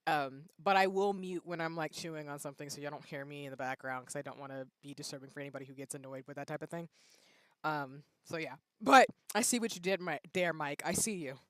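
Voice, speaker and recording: A woman streaming a game, chatting casually with her viewers in a playful, flustered way that breaks into loud bursts. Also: low-pitched, fast, dry recording. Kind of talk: casual livestream chat while gaming. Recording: music playing behind.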